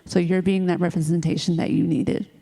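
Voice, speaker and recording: A woman panelist speaking in a warm, encouraging way at a conference. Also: fairly low pitch, little pitch movement, a little fast, creaky, long reverb tail. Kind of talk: panel answer. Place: large conference hall.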